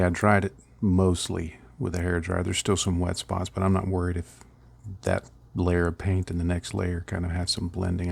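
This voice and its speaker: A man's voice: deep voice, gravelly, a little mellow, slightly rough, dry recording. A middle-aged man casually rambling through a miniature painting tutorial, chuckling at his own slips.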